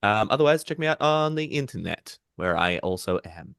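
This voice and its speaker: A man's voice: lowish voice, very animated, moderate pace, creaky, fairly bright tone, smooth, no room sound, studio quality. Hesitant laughing man plugging his panel. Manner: hesitant, lots of ums and laughs. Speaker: player and content creator. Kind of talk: casual chat.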